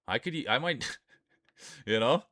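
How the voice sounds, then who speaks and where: A man's voice: mid-range voice, expressive, measured pace, sharp tone, dry recording, clean studio sound. A man streaming live, commentating marble races in a chatty way and greeting viewers by name. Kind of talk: play-by-play commentary.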